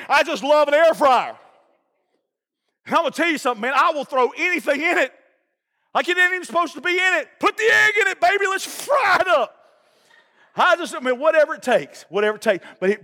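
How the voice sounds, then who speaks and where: A man's voice: sits high, pushed and bright, big-room sound. A man preaching a sermon, folksy and emphatic, with call-and-response asides to the congregation. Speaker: pastor. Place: church sanctuary.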